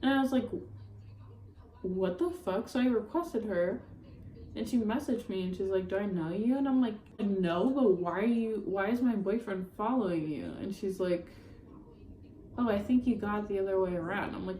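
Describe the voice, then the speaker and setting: A woman's voice: mid-range voice, unhurried, mellow, roomy sound, slight background noise, low-quality recording. A young woman vlogging a rambling, upset story about a breakup, full of fillers and swearing. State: upset, near tears. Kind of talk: ranting storytime vlog.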